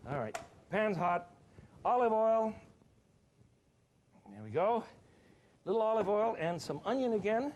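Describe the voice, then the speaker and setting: A man's voice: high-pitched, big pitch swings, normal speed, a little mellow, lo-fi sound, slight background noise. A man hosting a cooking show, demonstrating a dish in a studio kitchen in a chatty, enthusiastic way with jokey asides.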